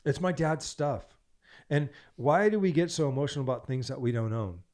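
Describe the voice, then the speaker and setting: A podcast guest with a mid-range male voice talks with preachy conviction, stacking one repeated phrase after another as he coaches. His delivery is emphatic and animated, the rhythm of someone used to preaching a point. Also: mid-range voice, fairly quick.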